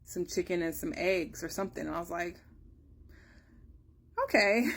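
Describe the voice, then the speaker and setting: A woman in her thirties chats casually to her viewers, telling a long story in an everyday voice of middle pitch. When she repeats her own questions, her voice jumps up with disbelief. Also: lively intonation, brisk. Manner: chatty storytelling, acts out dialogue with rising pitch. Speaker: mother giving a family update. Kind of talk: casual chat to camera.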